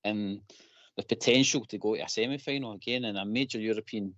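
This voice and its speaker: A man's voice: fairly low pitch, a little fast, a bit bright, no room sound. A Scottish man on a fan phone-in, chatting in broad dialect and getting carried away into impassioned rants. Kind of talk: casual chat. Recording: dry, dull lo-fi audio.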